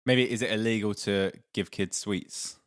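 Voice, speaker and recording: A man's voice: fairly low pitch, normal speed, clear, resonant tone. A man co-hosting a casual podcast, joking around. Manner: joking, animated. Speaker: podcast co-host.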